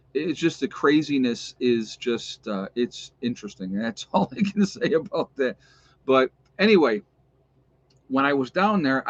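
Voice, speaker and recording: A vlogger from New York State with an upstate New York accent rambles chattily to his viewers, laughing often. His voice is mid-range, and the dry recording has a dull lo-fi sound.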